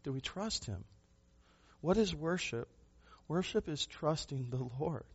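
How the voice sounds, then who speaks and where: A pastor preaching a sermon, a man who speaks with emphasis, asks rhetorical questions and moves between loud and soft passages. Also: on the high side, expressive, measured pace, breathy edge, muffled recording.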